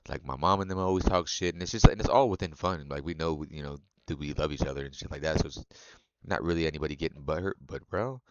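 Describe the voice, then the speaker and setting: A man's voice: rumbling low, fast, hardly any pauses, muffled recording. A man streaming a game and chatting casually with viewers, loose and profane, laughing often. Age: adult. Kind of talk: casual live-stream chat.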